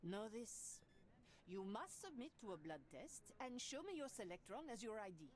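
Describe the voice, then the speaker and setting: A woman's voice: mid-range voice, very animated, normal speed, natural voice. A woman voicing a stern female project director, firm and dryly sarcastic, reading game dialogue aloud. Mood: brisk. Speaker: voice reader.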